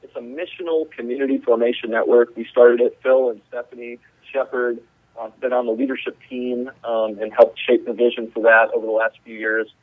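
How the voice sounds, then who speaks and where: A man from the Charlotte, North Carolina area, a guest calling in to a radio interview, earnest and filling his pauses with ums and uhs. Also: mid-range voice, flat delivery, no echo. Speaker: guest, community organizer. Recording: phone line.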